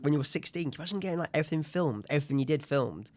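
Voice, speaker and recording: A man's voice: on the high side, expressive, very fast, a little mellow. Chatty man in his thirties. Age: 30s. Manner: chatty, tells anecdotes, puts on voices in quotes. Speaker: podcast co-host. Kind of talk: casual chat.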